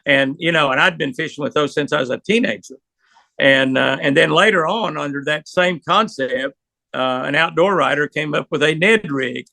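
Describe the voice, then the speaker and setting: A man's voice: a little high, moderate pace, vocal fry, pushed and bright, no echo. An older man, a professional angler, telling rambling, folksy anecdotes in an interview. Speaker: pro angler guest. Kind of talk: storytelling interview.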